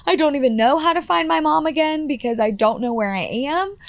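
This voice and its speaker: A woman's voice: sits high, fairly quick, vocal fry. A woman in her twenties telling a personal story as a podcast guest, earnest and full of fillers like "like" and "you know". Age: 20s.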